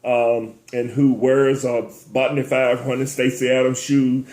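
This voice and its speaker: A man hosting a talk show, giving a preacher-like monologue that keeps turning to "ladies and gentlemen" and climbs to high, emphatic peaks. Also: level tone, measured pace, echoey room. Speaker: host.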